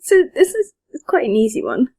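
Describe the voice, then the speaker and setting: Giggly young woman from Eastern Europe, podcast co-host, high and lively voice. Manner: giggly, quick to laugh. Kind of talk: casual podcast chat.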